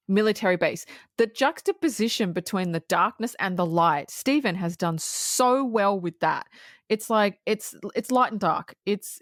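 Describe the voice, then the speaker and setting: A woman's voice: mid-range voice, no room sound, studio quality. A woman co-hosting a podcast, chatting casually about a film and retelling scenes with lots of swearing and quoted asides. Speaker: podcast co-host. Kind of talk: casual film review chat.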